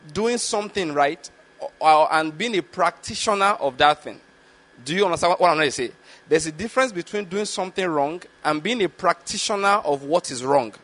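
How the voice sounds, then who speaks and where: A man delivers a Bible teaching sermon in a voice pitched a little high for a man. He reads verses slowly and deliberately, then explains them. He keeps asking his listeners whether they are following the point. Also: a bit bright. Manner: checks in with listeners with repeated questions. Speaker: preacher.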